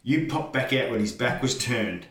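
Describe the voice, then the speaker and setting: A man's voice: medium pitch, expressive, moderate pace, fairly bright tone. A man telling a story in casual chat, laughing often and acting out the voices of the people in it. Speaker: fellow wrestler telling a story. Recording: echoey room with faint noise.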